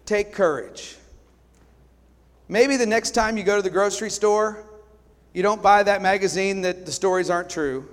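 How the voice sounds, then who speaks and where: Pastor preaching in a reverberant church. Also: male voice, high voice. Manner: storytelling, swings from loud to hushed. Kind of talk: sermon. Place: church sanctuary. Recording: long hall reverb.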